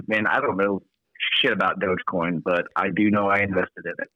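A man's voice: deep voice, steady tone, a little slow, sharp tone. A man calling into a podcast as a guest, laid-back and casually swearing, heard over a phone line. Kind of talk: casual chat. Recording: tinny phone-line call.

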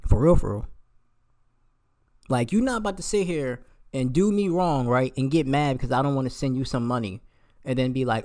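A young man delivers a heated, profane rant in a casual register, firing off rhetorical questions. His voice sits at a middle pitch for a man. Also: lively intonation, normal speed, pauses often.

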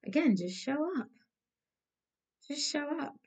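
Blunt, gravelly-voiced woman giving a tarot reading. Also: sits high, expressive, slow, a little mellow. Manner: blunt, swears freely, emphatic repetition. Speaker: tarot reader. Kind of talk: casual spiritual reading to viewers.

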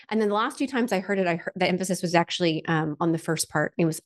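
A woman's voice: lowish voice, quick pace, hardly any pauses. A woman sharing a personal faith story in a candid, chatty way, full of fillers like "like" and "um", earnest and emotional with touches of self-deprecating humor.

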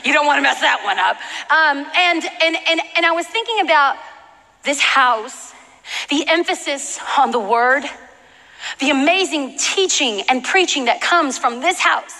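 Fiery high-voiced woman preaching in a hall. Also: expressive, unhurried. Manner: passionate, swings from hushed to shouting. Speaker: guest preacher. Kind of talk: sermon. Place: large church hall with audience. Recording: reverberant church hall, faint noise.

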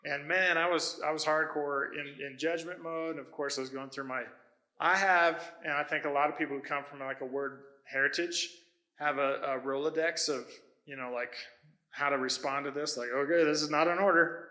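A man's voice: on the high side, steady tone, normal speed, pushed and bright, low-quality recording. A man preaching a sermon as pastor, telling stories in a conversational way with self-corrections.

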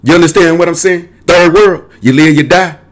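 A man's voice: on the high side, moderate pace. A man hosting his own show, delivering a rambling, digressive monologue to camera in a streetwise, casual way. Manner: digressive, restless, jumps between topics; streetwise, casual speech with cursing. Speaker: show host.

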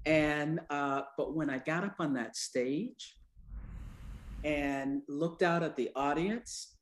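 A woman in her sixties, an anesthesiologist and speaker, telling stories in an interview with humor and lively quoted voices. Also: low voice, slow. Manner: lively, acts out quoted people with voice changes; humorous, conversational. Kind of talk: storytelling in an interview.

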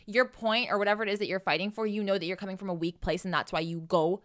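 A woman's voice: medium pitch, fairly even intonation, fast. A young woman co-hosting a casual chat, emphatic and opinionated, swearing freely. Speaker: podcast co-host.

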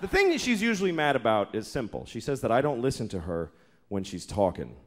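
A man's voice: medium pitch, huge pitch swings, brisk. A man doing a stand-up comedy set, telling profane, exasperated stories and acting out other people in mock voices. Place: comedy club stage before a laughing audience. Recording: live club recording with crowd laughter.

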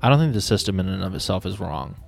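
A man's voice: deep voice, very animated, fast talker, vocal fry. Playful young man chatting on a podcast. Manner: goofy, playful, bursts into put-on voices. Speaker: podcast co-host. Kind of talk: casual podcast chat.

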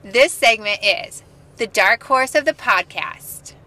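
A woman co-hosting a podcast, joking in a playful, self-deprecating way. Her voice is fairly high, bright and very lively in pitch. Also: slow pace. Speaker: podcast co-host. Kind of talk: casual chat.

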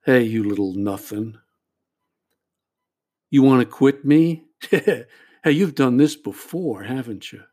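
Man doing the bottle as a patient, mocking tempter, low warm voice. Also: slow, long pauses. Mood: taunting. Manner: mocking, coaxing, repeats tag questions. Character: taunting, patient voice of the bottle, an addiction personified.

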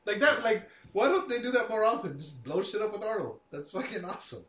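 Rambling, profane podcast host. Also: male voice, sits high, big pitch swings, fairly quick, fairly bright tone. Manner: profane, rambling, laughs often. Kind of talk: casual chat. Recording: echoey room, dull lo-fi sound.

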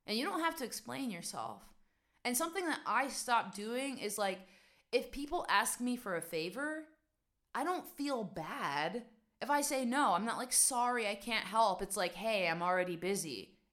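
A woman's voice: fairly high pitch, very animated, normal speed, fairly bright tone. A young woman from West Virginia, talking casually to camera as a vlogger and coach, emphatic and chatty with many rhetorical questions. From West Virginia, USA. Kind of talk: casual advice monologue.

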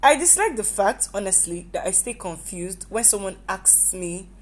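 A woman's voice: medium pitch, lively intonation, moderate pace, a little hiss or hum. Goofy rambling woman. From Nigeria. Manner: goofy, rambling, self-correcting. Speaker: podcast host. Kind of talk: casual personal monologue.

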